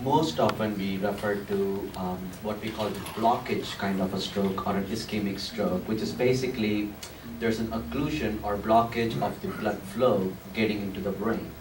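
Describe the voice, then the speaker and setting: A man with a fairly low voice explains medical matters patiently, with plenty of "um"s and "like"s. He sounds far from the mic in a reverberant room. A faint background hiss sits under his voice. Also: steady tone, normal speed. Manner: patient, explanatory, many fillers. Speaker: stroke doctor answering questions. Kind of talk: explanatory talk at a public event. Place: large room with an audience.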